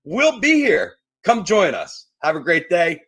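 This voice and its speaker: A man's voice: sits high, huge pitch swings, unhurried, fairly bright tone, husky, no echo. A man hosting a casual livestream show, rambling and emotional, choked up and teary, with many fillers and restarts. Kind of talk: casual livestream sign-off chat. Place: home.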